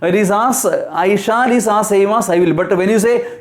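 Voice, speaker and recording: A man's voice: sits high, normal speed, few pauses. A man teaching English grammar step by step, repeating rules and asking rhetorical questions with many fillers. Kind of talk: explaining grammar lesson.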